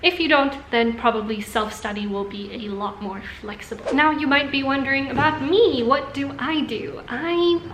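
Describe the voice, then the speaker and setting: A young woman chatting to camera about language learning, upbeat and quick to laugh. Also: sits high, fairly bright tone, echoey room, slight background noise. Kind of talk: casual talk to camera. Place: room indoors in Singapore during a thunderstorm.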